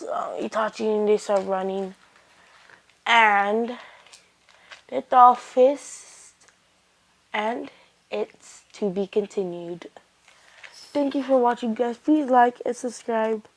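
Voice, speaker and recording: Slow, rambling young female storyteller. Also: on the high side, low-quality recording. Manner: rambling, halting, lots of fillers and restarts. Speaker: channel host. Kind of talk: casual retelling of a fan story.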